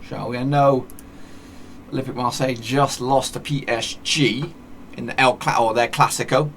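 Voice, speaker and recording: Gravelly man rambling over a game. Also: mid-range voice, fairly even intonation, measured pace, slight background noise. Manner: rambling, self-correcting chatter with mock match commentary. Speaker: gaming YouTuber. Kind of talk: casual game commentary.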